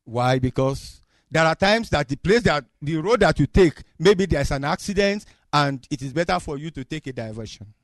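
A man preaching a sermon, acting out dialogue with God in an expressive way. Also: a little high, normal speed, dry recording.

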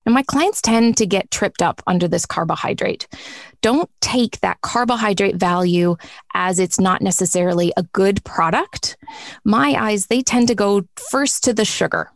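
Animated woman host, forties, dry close recording, casual chat. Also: mid-range voice, normal speed, creaky, no echo. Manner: chatty, animated, laughs often.

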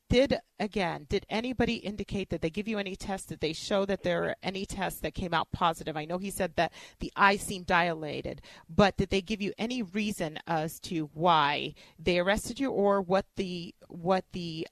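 A woman hosts a talk show interview, asking her guest questions in a hesitant, filler-heavy way. Her voice sits a little low, and it sounds close and dry. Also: a bit bright, no room sound, low-quality recording.

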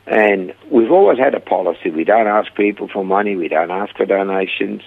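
Older man on a husky phone line. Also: fairly low pitch, a little fast. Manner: animated retelling with voiced quotes. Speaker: guest, rehab centre founder. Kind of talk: storytelling interview. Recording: tinny phone-line sound.

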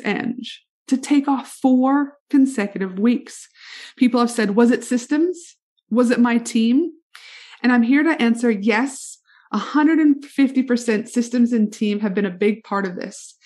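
A woman's voice: a little high, darkish tone. A middle-aged woman hosting her own podcast as a business coach, talking upbeat and enthusiastic in a solo monologue straight to the listener. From Canada.

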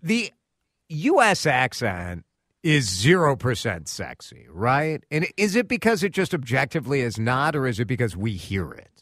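A male talk radio host speaks in a lively, animated way, his pitch rising and falling freely. He is chatty and laughs often. The sound is close and dry. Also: moderate pace, no room sound.

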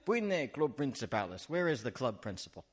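A man doing a gruff Greek cab driver. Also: mid-range voice, very animated, moderate pace. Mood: puzzled. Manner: terse, suspicious.

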